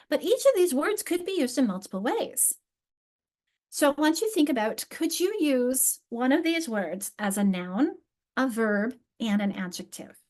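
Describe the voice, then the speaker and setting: A woman with a slightly high voice presents an online literacy training over a video call. She explains things with frequent restarts and emphatic examples.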